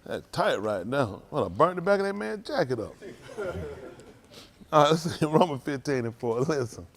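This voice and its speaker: Speaking at normal speed, a male pastor in a congregation hall playfully teases the youth and names them during an informal sermon with youth check-ins. His high, lively voice leaps up in mock singing, and his phrasing is Southern Black vernacular.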